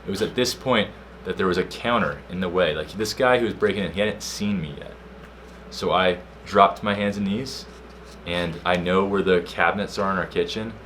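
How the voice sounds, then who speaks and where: Young man, very low voice, slangy animated storyteller, faint hiss. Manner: animated storyteller, slangy, acts out quotes loudly. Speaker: podcast co-host. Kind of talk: casual storytelling chat.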